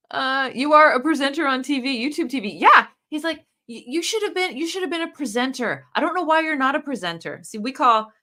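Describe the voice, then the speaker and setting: A woman from the United States hosting a casual livestream, chatting and reading viewer comments aloud in an animated way. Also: normal speed. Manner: chatty and animated, pitch leaping up and down. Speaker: livestream host.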